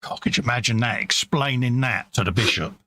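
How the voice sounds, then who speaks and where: A man's voice: mid-range voice, a little fast, sharp tone, no room sound, studio quality. A British man co-hosting a live painting stream, chatting casually and agreeably with plenty of fillers. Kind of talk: casual chat while painting.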